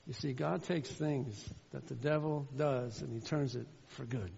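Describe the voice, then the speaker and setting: Gravelly pastor with hall echo. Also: male voice, medium pitch, a little slow, few pauses, slight background noise. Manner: swings from loud fervent calls to quiet storytelling. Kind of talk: sermon. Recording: dull sound with long hall reverb.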